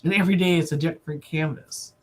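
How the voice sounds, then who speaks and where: A woman in her sixties, an animal communicator guest on a livestream, telling stories in a lively way and acting out little dialogues. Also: deep voice, quick pace. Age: 60s. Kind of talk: casual livestream interview. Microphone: video call.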